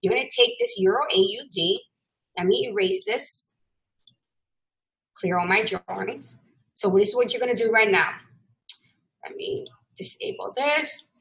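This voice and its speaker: A woman teaching a trading lesson in a casual screen-share style, brash and blunt, swearing freely and swinging between loud bursts and muttering. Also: medium pitch, expressive, unhurried, pauses often, low-quality recording. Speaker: trading instructor.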